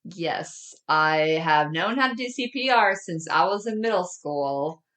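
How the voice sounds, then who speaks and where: A woman with a lowish voice chats about a movie as a podcast co-host. Her pitch swings widely while she recaps scenes with plenty of fillers. The room around her sounds roomy and echoey. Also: unhurried. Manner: lively, chatty, talks through scenes with many fillers. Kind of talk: casual movie review chat.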